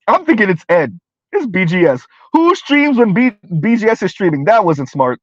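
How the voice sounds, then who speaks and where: A man's voice: high-pitched, big pitch swings, moderate pace, dry recording. A man under forty giving casual live-stream commentary, emphatic and repetitive, ranting and laughing often. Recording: dry, slightly dull lo-fi sound.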